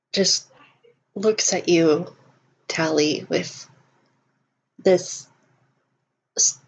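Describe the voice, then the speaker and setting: A woman running a tabletop role-playing game, narrating gently and descriptively. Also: on the low side, husky. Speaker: game master. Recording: lo-fi recording.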